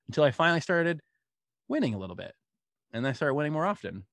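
A man being interviewed, telling personal stories in an animated way and laughing as he goes. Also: medium pitch, fast, no room sound. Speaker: guest. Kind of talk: storytelling interview.

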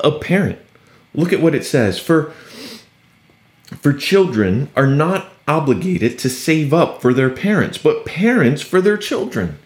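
A man's voice: fairly high pitch, echoey room. A man preaching a sermon, explaining a scripture passage with sarcasm and acting out quoted lines. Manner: animated, sarcastic at times, acts out quoted speech.

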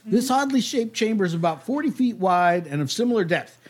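A man's voice: sits high, expressive. A man narrating and refereeing a tabletop role-playing game, describing scenes for the players. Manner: descriptive, plays monsters in quick asides. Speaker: game master.

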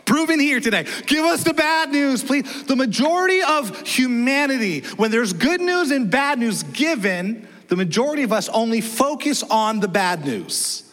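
A man in his thirties preaching a sermon as a pastor, chatty and energetic, often asking the congregation questions. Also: very high voice, moderate pace, few pauses. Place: church auditorium. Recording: long church hall reverb.

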